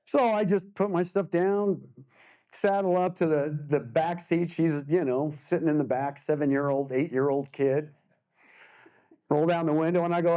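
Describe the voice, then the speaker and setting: A man in his sixties, an artist giving a casual storytelling talk, animated and acting out the voices he quotes, with frequent laughs. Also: a little high, moderate pace. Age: 60s. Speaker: guest artist speaker.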